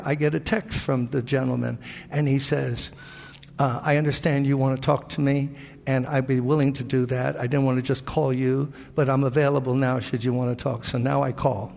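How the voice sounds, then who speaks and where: A man's voice: mid-range voice, fairly even intonation, normal speed, gravelly, darkish tone, in a large hall. An older man, a pastor, preaching a sermon with earnest storytelling, quoting prayers and conversations.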